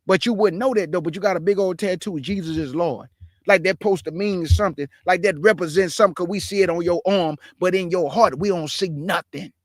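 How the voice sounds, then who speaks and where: A man hosting a reaction show, scolding and mocking a clip in loud, lively commentary. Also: sits high, brisk, no echo, studio quality.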